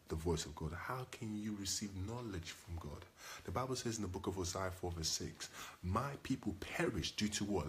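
A man's voice: fairly low pitch, fairly bright tone, a little hiss or hum. A man preaching a sermon as a pastor, emphatic and repetitive, asking the congregation questions.

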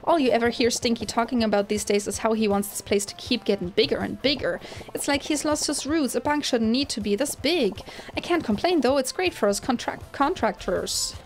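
A woman's voice: a little high, brisk, close to an everyday voice. A woman reading aloud the lines of a grumbling contractor in a video game.

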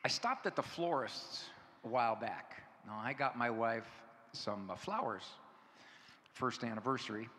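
Man in his fifties, bright lively speaker, storytelling talk in a big echoey hall. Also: mid-range voice, a little slow. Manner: animated storytelling, acting out dialogue. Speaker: conference speaker. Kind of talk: humorous talk to an audience. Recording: echoey hall with faint noise.

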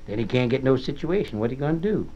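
A man reading aloud and voicing a kindly, simple, earnest runaway man in a soft rustic drawl, on a dull old record. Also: medium pitch, animated, fast talker, husky. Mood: wondering.

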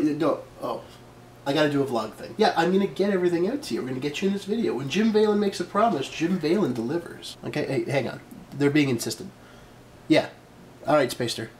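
A man's voice: on the high side, animated, brisk, long pauses, a little hiss or hum, low-quality recording. A man in casual chat, talking eagerly about editing a video. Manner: chatty, explaining eagerly. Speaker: vlog regular, video editor.

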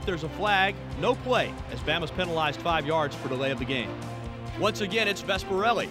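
High-voiced man narrating football highlights. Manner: brisk play-by-play delivery. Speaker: sports narrator. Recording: narration over loud music.

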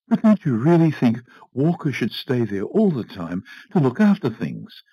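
A man's voice: a little high, sing-song, measured pace, lo-fi sound, voice pushed up. A man putting on a meek, fretful wife. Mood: anxious. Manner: timid, fretful, pleading. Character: meek anxious wife, middle-aged woman.

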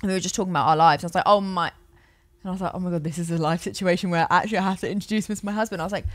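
A woman's voice: lowish voice, racing. A young woman on a podcast, chatting casually and acting out the lines of people in her stories. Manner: animated storyteller, acts out quoted lines. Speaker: podcast guest. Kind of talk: casual chat.

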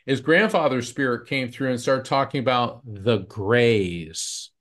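A man's voice: mid-range voice, a little slow, a bit bright. A man who works as a psychic medium, telling earnest anecdotes as a podcast guest. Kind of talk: podcast storytelling.

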